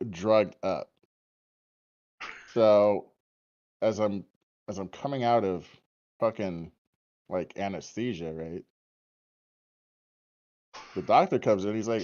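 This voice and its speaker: A man on a podcast telling stories casually, cursing freely and laughing often. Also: fairly low pitch. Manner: profane, animated, laughs often. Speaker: podcast guest. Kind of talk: casual storytelling. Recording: dull lo-fi stream audio.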